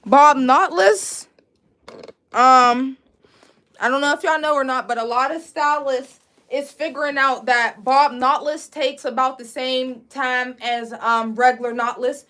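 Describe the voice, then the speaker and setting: A woman's voice: high-pitched, a little slow, pushed and bright. A young woman, chatting casually as she teaches a live braiding class and answers viewer questions. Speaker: braiding instructor.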